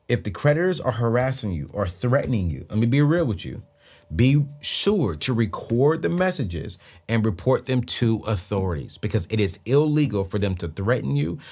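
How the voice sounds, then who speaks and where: Animated preachy male finance host. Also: mid-range voice. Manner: emphatic and preachy, repeats key lines. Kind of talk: motivational personal finance talk.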